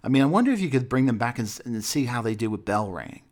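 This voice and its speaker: A man's voice: medium pitch, sing-song, fast, darkish tone. A man hosting a chatty talk show, reading odd news stories with rambling asides and chuckles. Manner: rambling asides, chuckling, filler-heavy tangents. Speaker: radio show host. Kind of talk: chatty news-story banter.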